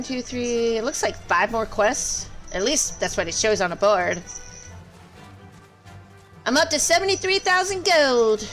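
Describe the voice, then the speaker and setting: Chatty, excitable young woman streamer. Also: fairly high pitch. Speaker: game streamer. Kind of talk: casual live-stream chat. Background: faint game music.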